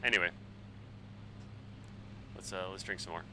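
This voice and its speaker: A man in his forties, a bit tipsy on wine, rambling and swearing excitably while chatting on a flight sim live stream. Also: sits low, unhurried, a little hiss or hum, poor audio. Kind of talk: casual live-stream chat while flying.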